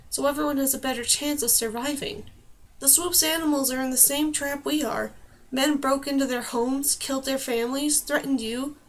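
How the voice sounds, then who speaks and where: High-voiced woman reading a story aloud. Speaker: audiobook reader. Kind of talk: scripted narration.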